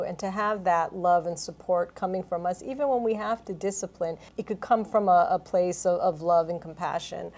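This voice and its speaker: A woman's voice: fairly low pitch, moderate pace, few pauses, a little mellow. A woman interviewing a guest, speaking earnestly, telling stories and leaning on fillers and repeated words. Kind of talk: interview conversation.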